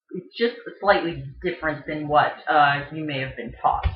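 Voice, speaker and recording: Casual presenter, mid-pitched voice, lots of ums, imitates pronunciations; lo-fi sound in a reverberant room. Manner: chatty, filler-heavy, mimics regional pronunciations. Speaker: video presenter. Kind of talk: casual explainer talk. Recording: dull, echoey home recording.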